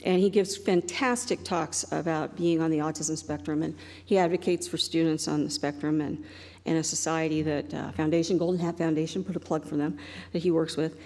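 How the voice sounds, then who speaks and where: Middle-aged woman from Ohio, self-deprecating stage speaker; slightly breathy, echoing hall. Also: sits low, steady tone, fairly quick, a little mellow. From northeastern Ohio. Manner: rambling, self-deprecating, laughing often. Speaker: guest speaker. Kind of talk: humorous live talk.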